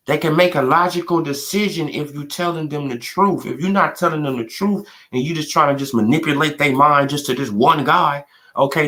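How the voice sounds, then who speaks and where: A young man ranting in a casual live stream, trash-talking with lots of repetition and bursts of loud laughter. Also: on the high side. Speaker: boxing commentary streamer.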